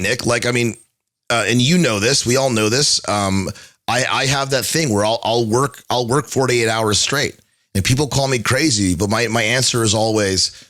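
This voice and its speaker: A man's voice: on the low side, a bit bright, no room sound. A man in his thirties, a podcast guest who tells a story in a rambling, self-interrupting way. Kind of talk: casual chat.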